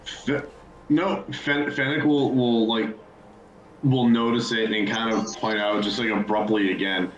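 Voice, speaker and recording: A man's voice: on the low side, steady tone, unhurried, dull audio, a little hiss or hum. Male player in an echoey room. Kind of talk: casual tabletop play. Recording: roomy echo, background music.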